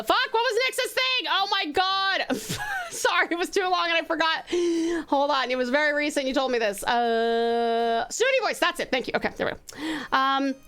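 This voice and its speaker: An Australian woman streamer narrates a community game and banters with her chat. Her voice sits high, and she giggles often and swears casually. Soft music plays faintly beneath her. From Australia (Tasmania).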